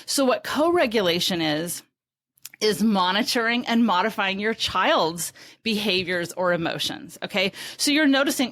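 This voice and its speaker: A woman's voice: medium pitch, normal speed, no echo. Brief: woman parenting expert, podcast guest, chatty explainer, close dry mic. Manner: animated, explanatory, acts out parent self-talk. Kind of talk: conversational podcast interview.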